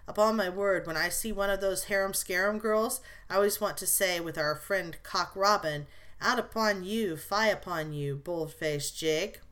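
A woman reading the lines of a teasing, gallant young gentleman in a superior tone, in an audiobook. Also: mid-range voice, lightly acted. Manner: superior, playfully mocking tone.

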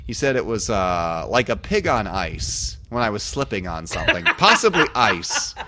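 A man's voice: fairly low pitch, big pitch swings, normal speed, bright, forceful tone, a little hiss or hum. A man with a Midwestern American accent co-hosting a podcast, bantering in a dry, teasing, mock-serious way. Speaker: podcast co-host.

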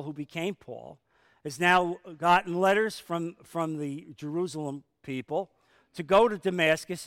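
A man preaching a sermon as pastor, emphatic, with rhetorical questions and sudden swings in loudness. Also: sits high, dry recording, studio quality, in a large hall.

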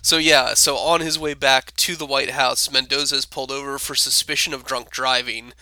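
A man co-hosting a podcast, giving wry casual recaps and frequent quick agreements. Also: mid-range voice, level tone, pushed and bright, no echo. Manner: wry, dry commentary with short agreements. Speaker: podcast co-host.

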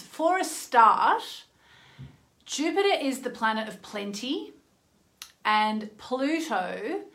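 Slow-talking woman hosting a phone livestream. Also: on the high side, vocal fry, a bit bright. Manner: chatty and earnest, many "you know" asides. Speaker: astrology livestream host. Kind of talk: casual livestream chat.

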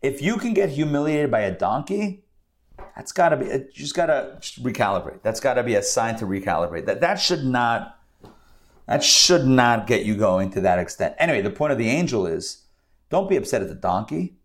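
A man's voice: mid-range voice, big pitch swings, moderate pace. Chatty male Bible teacher with jokes. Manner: conversational, joking asides, repeats phrases for emphasis. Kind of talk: scripture lesson with commentary.

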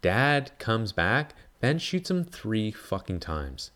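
A man's voice: lowish voice, big pitch swings, unhurried, hardly any pauses, a bit bright. A man hosting a podcast, giving a casual, rambling film review full of "like" and frequent swearing. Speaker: podcast host.

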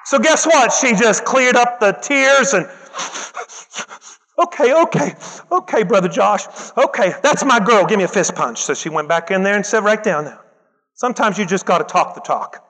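High-voiced animated male preacher. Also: moderate pace. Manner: animated, acts out quoted voices, loud bursts. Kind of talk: sermon. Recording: long hall reverb.

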